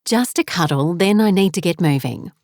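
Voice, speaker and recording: A woman voicing a content middle-aged wife and mother, gentle and amused. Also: fairly low pitch, animated, normal speed, no room sound, clean studio sound. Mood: fond.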